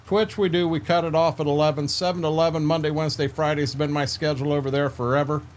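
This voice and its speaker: A man's voice: fairly high pitch, steady tone, quick pace. An older man chatting casually with viewers while streaming a farming game, laid-back and rambling, repeating words and filling gaps with "uh".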